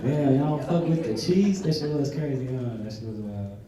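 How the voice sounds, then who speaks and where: A man's voice: medium pitch, animated, normal speed, heavy background noise. A man opening a stand-up set with loose, joking banter toward the crowd. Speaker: stand-up comedian. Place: live comedy venue. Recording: echoey venue from far off. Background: loud music and a cheering crowd.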